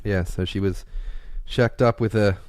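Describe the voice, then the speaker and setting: Jokey man with a low voice. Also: fairly even intonation, measured pace, darkish tone, no room sound, clean studio sound. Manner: jokey, laughs often, reads with asides. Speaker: podcast co-host. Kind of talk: casual chat reading a story aloud.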